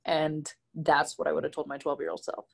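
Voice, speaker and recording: A woman speaking as an interview guest in a casual conversation, candid and expressive as she tells personal stories. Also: sits low, brisk, creaky, husky. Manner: candid and expressive, animated storytelling.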